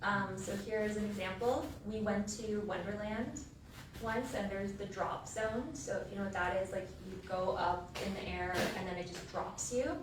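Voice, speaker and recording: A woman's voice: medium pitch, fairly even intonation, normal speed, distant mic. Chatty woman giving a eulogy in an echoey hall. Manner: chatty, casual storytelling with filler words. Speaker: eulogist, sister of the deceased. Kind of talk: eulogy told as funny personal stories. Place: funeral home chapel. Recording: echoey hall, voice from afar, room noise.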